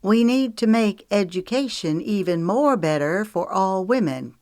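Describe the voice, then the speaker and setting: A woman's voice: medium pitch, animated, a little slow, darkish tone, no room sound, studio quality, pitched above the performer's own voice, close to an everyday voice. A woman voicing a flustered, self-conscious young woman. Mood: embarrassed.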